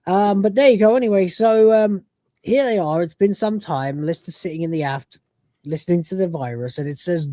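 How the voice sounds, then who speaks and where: A man's voice: high-pitched, normal speed, dark tone, no room sound. A man hosting a casual review podcast, rambling with many fillers and acting out quoted lines. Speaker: podcast host.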